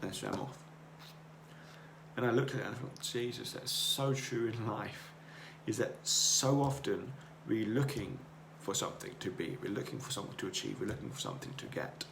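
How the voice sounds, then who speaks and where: A man's voice: on the low side, very animated, a little fast, vocal fry. A man hosting a podcast, giving an earnest, rambling motivational monologue that repeats itself as he circles his points. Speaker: podcast host. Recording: roomy echo, faint noise.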